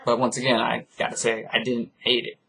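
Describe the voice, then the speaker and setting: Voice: medium pitch, completely flat delivery, brisk, creaky, a bit bright, husky. An anime reviewer ranting casually in a rambling, profane, exasperated way.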